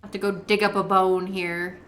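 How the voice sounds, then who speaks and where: A woman streaming a game live, relaxed and talking to herself as she plays. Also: mid-range voice, moderate pace, faint music behind.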